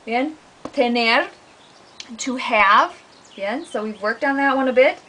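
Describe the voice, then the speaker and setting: A woman's voice: on the high side, slow, long pauses, sharp tone, poor audio. A woman teaching a Spanish lesson to homeschool students, explaining in a patient, encouraging way.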